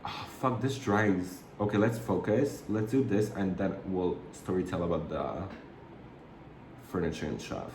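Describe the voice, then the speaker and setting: A man chatting through a makeup tutorial at home, gossipy and rambling, with sudden loud squeals. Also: lowish voice, animated, unhurried, a little hiss or hum. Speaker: makeup vlogger. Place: room at home, alone. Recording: echoey room, faint ambience.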